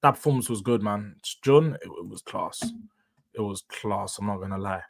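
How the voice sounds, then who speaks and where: A man's voice: fairly low pitch, moderate pace, creaky. Slangy young man streaming. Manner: slangy, laughs often, talks to chat. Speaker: livestream host. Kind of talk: casual stream chat.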